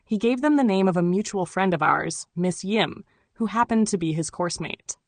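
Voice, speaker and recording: A woman reading memoir narration in an even, measured way. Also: mid-range voice, no echo. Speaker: audiobook narrator.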